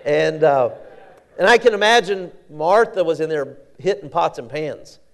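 A man's voice: a little high, animated, unhurried. A man preaching a sermon in a folksy, conversational storytelling way, often repeating words and restarting.

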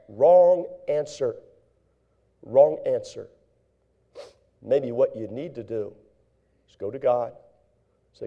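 A man preaching a sermon, acting out voices and swinging from loud, drawn-out scripture reading to hushed asides. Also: medium pitch. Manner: reads scripture in slow drawn-out tones.

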